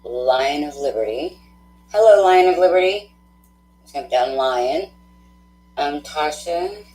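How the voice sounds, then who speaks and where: Low-voiced effusive woman hosting a stream. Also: lively intonation, slow pace, dark tone, roomy sound, a little hiss or hum, low-quality recording. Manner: effusive, laughs often, thinks aloud with fillers. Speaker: tarot reader hosting a live stream. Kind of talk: casual live-stream chat with viewers.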